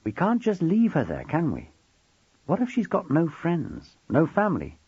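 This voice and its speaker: A man voicing a patient, dry-humoured older head of sixth form who coaxes softly. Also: on the high side, huge pitch swings, moderate pace, breathy edge, no room sound, dull audio, voice pushed up, full character voice. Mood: wry. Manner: soft-spoken, dry, coaxing.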